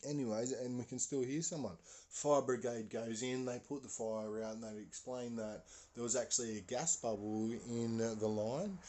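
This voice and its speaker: A podcast host tells a story in a loose, rambling style, sprinkling in fillers and sound words. His voice is mellow and mid-range, and he talks at a normal speed in a casual storytelling way.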